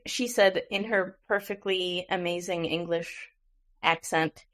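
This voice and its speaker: Woman podcast host, chatty storyteller, laughs easily, mid-pitched voice. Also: level tone, slow, a bit bright. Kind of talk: casual podcast interview.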